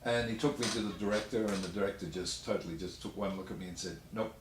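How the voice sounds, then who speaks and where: An actor guest, laid-back and blunt, telling anecdotes in an interview. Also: male voice, deep voice, fairly even intonation, quick pace. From Australia. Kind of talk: storytelling interview. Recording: echoey room, mic far off, faint noise.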